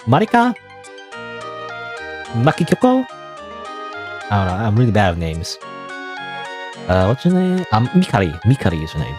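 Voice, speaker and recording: A man's voice: on the low side, huge pitch swings, normal speed, long pauses, over music. Rambling male game streamer. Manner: rambling, self-deprecating, chuckling. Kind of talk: game playthrough commentary.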